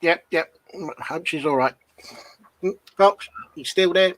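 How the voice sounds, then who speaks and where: A man's voice: a little high, slow pace, no echo, low-quality recording. A man joining a live stream over his webcam, trading playful teasing banter with his co-host. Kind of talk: casual live-stream chat. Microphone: webcam on a video call.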